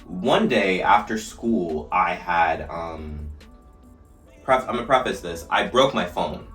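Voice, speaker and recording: Young male vlogger, deep bright voice, roomy echo with faint music behind, animated storyteller. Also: slow pace. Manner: animated storytelling, shouting re-enacted lines. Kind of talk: casual storytime while doing a routine. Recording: echoey room, mic at a distance, faint music.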